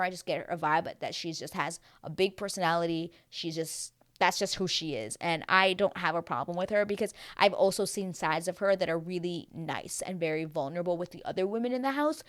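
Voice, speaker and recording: A woman's voice: fairly low pitch, no echo, studio quality. A woman recapping a reality dating show in a casual, gossipy way, talking bluntly, swearing freely and mimicking the cast.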